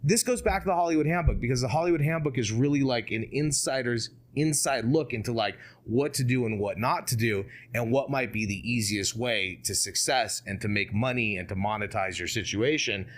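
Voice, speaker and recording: A man guest on an interview podcast, talking in a casual, animated way, full of rhetorical questions and asides. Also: medium pitch, fairly quick, hardly any pauses. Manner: animated, asks rhetorical questions, frequent "you know what I mean".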